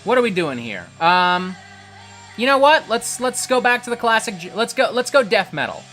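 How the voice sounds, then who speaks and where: A man's voice: high voice, very animated, moderate pace, bright, forceful tone, soft background music. Profane, ranting male livestream host. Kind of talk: livestream commentary reading chat.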